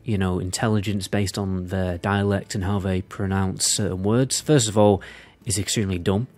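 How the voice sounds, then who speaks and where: A man from northern England with a South Cumbrian accent and a lowish voice. He talks to his viewers in a chatty, rambling way and drops self-deprecating asides as he explains. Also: fairly even intonation, moderate pace, darkish tone. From Windermere, northern England. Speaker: video creator. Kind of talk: casual explainer video.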